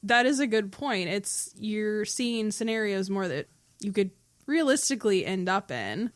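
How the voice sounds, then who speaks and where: A woman's voice: mid-range voice, lively intonation, measured pace. A woman hosting a podcast, easygoing and joking as she asks her guests questions. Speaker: podcast host. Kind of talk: casual podcast chat.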